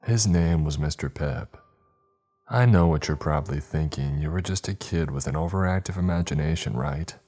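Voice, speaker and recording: A man narrating a first-person horror story in a slow, deliberate storytelling manner. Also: very deep voice. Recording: soft music bed.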